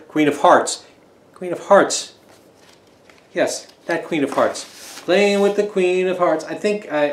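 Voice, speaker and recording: Man, rambling record-collection chat, slightly high voice, roomy echo. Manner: rambling, chatty, jokey asides.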